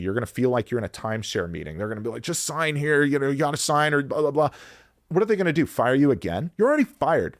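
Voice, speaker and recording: A man speaking bluntly and with energy in a podcast interview, swearing freely and acting out quoted voices. His voice sits at a middle pitch. It is recorded dry and close on a studio mic. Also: dry recording. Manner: blunt, profane, animated, acts out quoted voices. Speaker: employment lawyer guest. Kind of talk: candid advice in a podcast interview.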